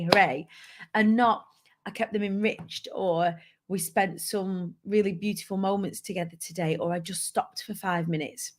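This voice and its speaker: Woman chatting to camera about work and her kids, open and a bit rambly, mid pitch. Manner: candid, rambling, expressive. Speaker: business owner and online community host. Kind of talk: casual to-camera talk.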